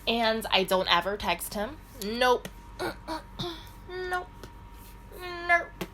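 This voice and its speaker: Middle-aged woman vlogger, lively pitch and profane rambling storytime delivery, faint background hiss. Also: extremely slow, poor audio. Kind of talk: casual storytime monologue.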